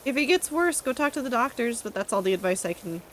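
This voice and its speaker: A woman's voice: a little high, animated, fast, a bit bright, slight background noise. A young woman streaming a game from home, chatting casually with her chat in a rambling way, laughing at herself. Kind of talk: casual chat reading live chat while gaming.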